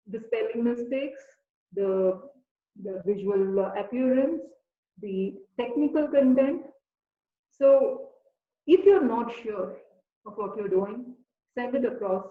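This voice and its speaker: Woman lecturing over a tinny webinar line. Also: on the high side. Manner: instructive, with acted example quotes. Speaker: webinar speaker. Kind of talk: academic lecture on presentation skills. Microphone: video call. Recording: echoey, phone-like webinar audio.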